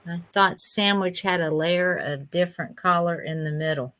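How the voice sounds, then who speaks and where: A woman co-hosting a live vintage sale in casual chat, unhurried and quick to laugh. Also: fairly low pitch, a bit bright.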